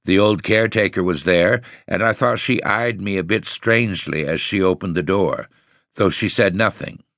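A man reading a first-person story as narrator, in a measured, composed way. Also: low-pitched, gravelly, a bit bright, no room sound, clean studio sound.

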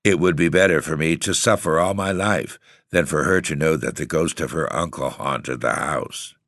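A man narrating a story in a measured, formal manner. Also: very deep voice, a bit bright, no echo, studio quality. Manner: measured, formal, old-fashioned phrasing. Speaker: audiobook narrator. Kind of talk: scripted narration.

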